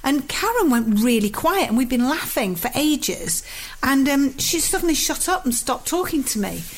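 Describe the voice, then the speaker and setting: A northern English woman in her fifties chatting on a podcast, her voice sitting a little high. She tells stories chattily and gets animated when she acts out what people said. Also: normal speed. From northern England. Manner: chatty storyteller, animated when acting out dialogue. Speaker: podcast host. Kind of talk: casual chat.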